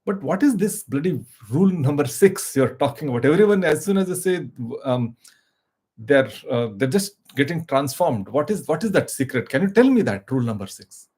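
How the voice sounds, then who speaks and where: A man's voice: on the high side, sing-song, normal speed, darkish tone, husky. A man voicing a curious male guest executive, asking questions in disbelief. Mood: incredulous. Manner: incredulous questioning.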